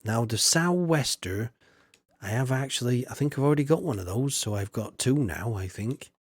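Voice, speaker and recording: A man's voice: medium pitch, animated, moderate pace, breathy edge, dry recording. A man, casually commenting while streaming a farming game, chatty and jokey as he reads chat aloud.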